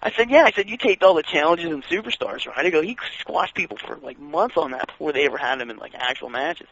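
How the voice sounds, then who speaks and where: Excitable man telling stories on lo-fi radio. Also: fairly high pitch, fast, gravelly, husky, no echo. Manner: excitable, acts out quoted voices, laughs while telling. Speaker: wrestling fan guest. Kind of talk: casual chat, animated storytelling. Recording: dull lo-fi radio sound.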